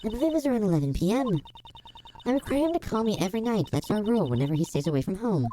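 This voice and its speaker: Man doing a strict middle-aged woman, firm and questioning, fast and lilting. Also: sits high, big pitch swings, warm tone, a little hiss or hum, voice pushed up. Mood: stern.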